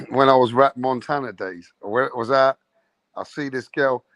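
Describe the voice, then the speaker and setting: A man's voice: medium pitch, normal speed, creaky, fairly bright tone, dry recording. Crude man telling a wild story. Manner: crude, swaggering, laughs through his own story. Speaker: host. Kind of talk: late-night podcast storytelling.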